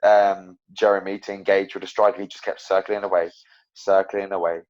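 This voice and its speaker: Low-pitched and fairly quick, the young fighter guest keeps his casual interview chat rambling and full of fillers and restarts, telling stories with animation. The recording is dull, lo-fi podcast audio.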